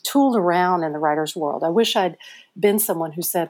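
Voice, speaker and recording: A middle-aged woman, an author being interviewed, telling her story in a chatty, animated way with many fillers. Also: on the low side, brisk. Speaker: author guest. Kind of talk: conversational interview answers.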